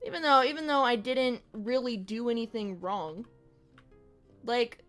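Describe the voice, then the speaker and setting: A woman's voice: a little high, unhurried, a bit bright, faint music behind. A young woman streaming a game, chatting casually in a rambling, reflective way with slang and swearing. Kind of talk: casual chat while gaming on stream.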